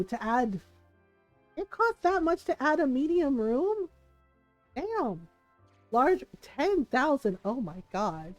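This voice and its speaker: Woman streamer, high voice, chatty storyteller who acts out quotes. Dry sound, soft music under. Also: no echo, lo-fi sound. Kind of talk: casual storytelling while gaming. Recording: dry close mic with faint game music.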